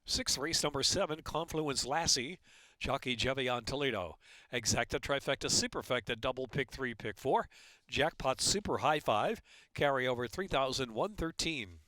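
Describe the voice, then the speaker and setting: A man with an American accent calling horse races and reading track announcements in a brisk, rhythmic way. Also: mid-range voice, no echo. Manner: brisk, rhythmic, rising to a loud excited call in the stretch.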